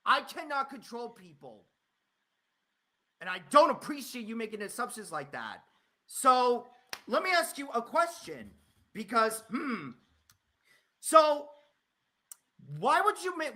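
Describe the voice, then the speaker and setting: A man's voice: very high voice, big pitch swings, unhurried, long pauses, pushed and bright. A man ranting angrily on a live stream, swearing often and repeating himself. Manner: angry, profane, repeating himself. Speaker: streamer confronting a critic. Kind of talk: heated live-stream rant.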